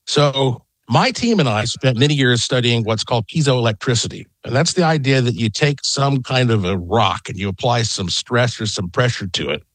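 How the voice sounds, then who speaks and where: A middle-aged man, a guest on a call-in radio interview, telling an excited, rambling story from his home. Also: medium pitch, normal speed, hardly any pauses, no echo. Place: home in Las Vegas.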